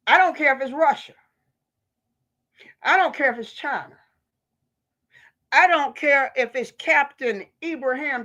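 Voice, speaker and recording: A woman's voice: sits high, a bit bright. A woman from the United States, a vlogger delivering an impassioned political rant in a fiery, preachy, emphatic way.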